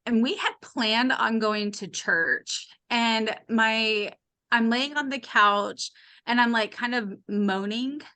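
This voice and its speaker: Fairly high in pitch and slow, this woman, probably late thirties to forties, is a podcast guest sharing a funny, candid story from her own life. She animatedly voices the other characters, her frankness laced with wry humor in a relaxed storytelling style.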